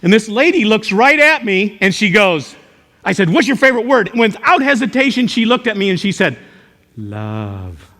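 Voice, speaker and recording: An older man, a teacher, giving a motivational talk to a live audience, telling jokey stories with sudden loud outbursts. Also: sits high, a little fast. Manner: animated storytelling, joking, sudden loud outbursts. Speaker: character education teacher and speaker. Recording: reverberant hall.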